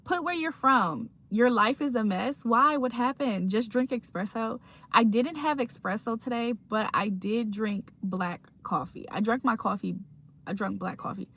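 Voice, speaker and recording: Laid-back chatty woman, slightly high voice. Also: measured pace, fairly bright tone. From Virginia, USA. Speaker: livestream host. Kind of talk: casual chat reading live comments.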